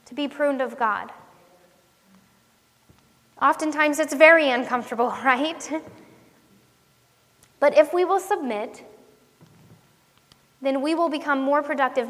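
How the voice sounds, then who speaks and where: A ministry teacher with a high-pitched, fairly bright voice preaches an earnest devotional sermon in a conversational way. She asks her listeners questions as she teaches, and long hall reverb surrounds her voice.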